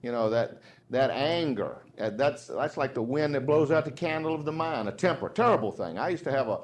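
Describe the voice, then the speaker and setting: A man's voice: mid-range voice, expressive, brisk, few pauses, slight background noise. A man delivering a motivational speech to a dealership team. His voice sits in an ordinary middle range, and his manner is folksy and loose, with restarts and self-mocking humor. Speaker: sales trainer, motivational speaker.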